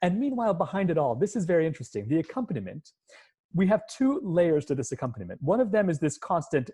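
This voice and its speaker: A man's voice: a little high, sing-song, quick pace, warm tone, slightly rough. A man, a music professor, giving an online lecture and explaining scenes step by step, at times humming the musical lines. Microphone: computer mic on a video call.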